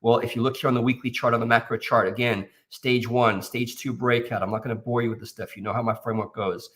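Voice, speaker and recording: A man's voice: mid-range voice, fairly even intonation, fast, a bit bright. A man walking through trading charts in casual, emphatic talk, often tagging lines with "okay?" and "guys". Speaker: options trader giving market analysis.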